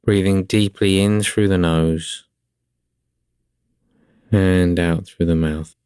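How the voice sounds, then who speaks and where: A man leading a guided breathing meditation in a slow, soothing, calm manner. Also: deep voice, clean tone, no room sound, clean studio sound.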